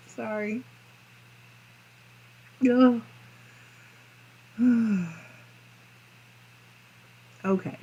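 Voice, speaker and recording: A woman's voice: medium pitch, fairly bright tone, slight background noise. A woman hosting a casual crafting livestream, reading viewer comments aloud and giggling often between them. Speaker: fiber arts channel host.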